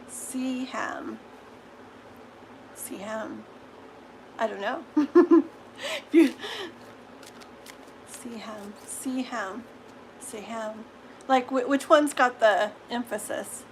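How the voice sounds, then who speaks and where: A woman's voice: a little high, animated, slow, pauses often, a little hiss or hum, rough recording. A middle-aged woman hosting a live tarot reading, chatting casually and gushing, laughing often. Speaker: tarot reader hosting a livestream. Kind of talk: casual livestream chat.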